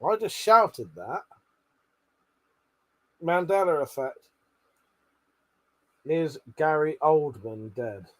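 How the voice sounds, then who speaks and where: A man's voice: fairly high pitch, animated, very slow, pauses often, a bit bright. A man hosting a late-night livestream, chatting with viewers while he swears a lot, laughs often and bickers. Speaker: livestream host.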